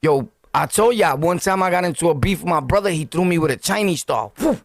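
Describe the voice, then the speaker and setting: A man's voice: a little high, lively intonation, brisk, dry recording, studio quality. A middle-aged man from Brooklyn with a New York accent, telling street stories to the camera in slang, acting out scenes with yelps and sound effects. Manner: slangy, laughing, talks straight to viewers. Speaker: storytelling vlogger. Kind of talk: animated street storytelling.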